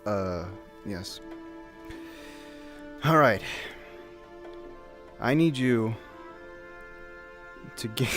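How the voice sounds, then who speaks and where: A man's voice: lowish voice, lively intonation, extremely slow, long pauses, fairly bright tone, faint music behind. A man streaming and chatting casually, giggling and mocking himself as he goes. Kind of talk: casual gaming stream chat.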